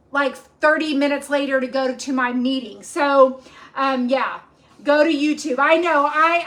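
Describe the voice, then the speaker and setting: A woman's voice: high voice, a bit bright. A woman hosting a home cooking live stream, chatting in a rambling way with lots of ums as she cooks in her kitchen. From Texas. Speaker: cooking show host.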